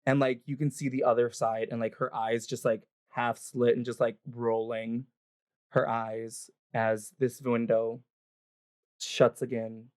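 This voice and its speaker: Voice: medium pitch, little pitch movement, unhurried, darkish tone, dry recording, clean studio sound. A game master narrating a livestreamed tabletop session in a loose, chatty way full of fillers. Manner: casual, filler-heavy narration with laughs and swearing. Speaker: dungeon master.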